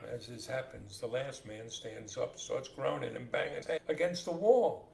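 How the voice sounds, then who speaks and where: An animated man co-hosting a podcast and telling jokes, his voice swooping widely as he acts out the people in them. His tone is gravelly. The recording sounds roomy, with a faint hiss underneath. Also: medium pitch, normal speed. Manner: animated storyteller who acts out joke characters. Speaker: podcast co-host. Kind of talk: casual joke-telling banter.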